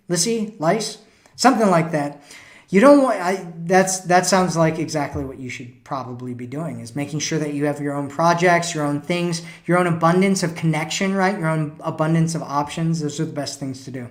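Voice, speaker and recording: A man's voice: fairly high pitch, moderate pace. A man hosting a live stream as a dating coach, giving casual advice and reading out viewer comments, often tagging lines with "right?" and "you know".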